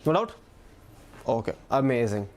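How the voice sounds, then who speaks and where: A woman's voice: extremely low pitch, big pitch swings, a little slow, darkish tone. A woman with an Indian English accent teaching a live online biology class, repeating key phrases and asking the chat for doubts, a little out of breath. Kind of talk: live online exam-prep lesson.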